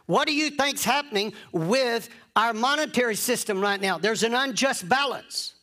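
A man's voice: very high-pitched, normal speed, sharp tone. A man preaching a sermon in an emphatic, insistent way, repeating phrases to drive points home.

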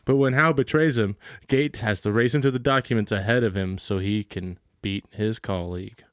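A man's voice: lowish voice, steady tone, normal speed, no room sound, studio quality. A man co-hosting a podcast, reading a film synopsis aloud and teasing his friend. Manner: teasing, laughs a lot. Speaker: podcast co-host. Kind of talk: casual chat and synopsis reading.

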